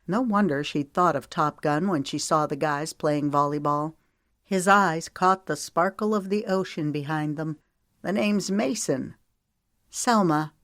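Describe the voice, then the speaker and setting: A woman narrating an audiobook in measured, steady storytelling. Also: low voice, no echo, studio quality. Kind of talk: scripted narration.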